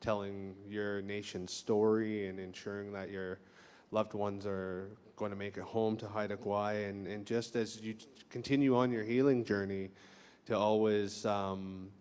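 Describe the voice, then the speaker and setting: A man with a low, even and smooth voice offers heartfelt public thanks, pausing and restarting softly. His words carry a long reverb from a large hall. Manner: soft-spoken, halting with restarts. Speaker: event speaker giving thanks. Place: lecture hall.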